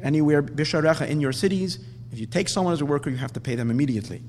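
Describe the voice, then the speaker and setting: A man teaching a religious class, telling stories in an animated way with frequent restarts. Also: a little high, racing, in a large hall, slight background noise. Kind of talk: storytelling Torah lesson.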